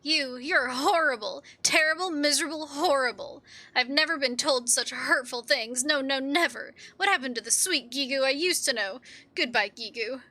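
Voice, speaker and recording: A woman's voice: high voice, moderate pace, bright, forceful tone, dry recording, voice pushed up. A woman voicing a cold, scornful young woman who brushes someone off with cutting words. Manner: cutting and dismissive.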